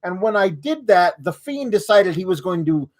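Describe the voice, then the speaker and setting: A man voicing a self-pitying, indignant male wrestler in a high, complaining tone. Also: very animated, normal speed. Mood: whiny.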